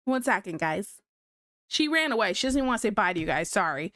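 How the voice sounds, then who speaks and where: A woman chatting casually to her livestream chat in a relaxed, talkative way while she draws. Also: medium pitch, fast, no echo, clean studio sound. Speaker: livestreamer drawing on stream.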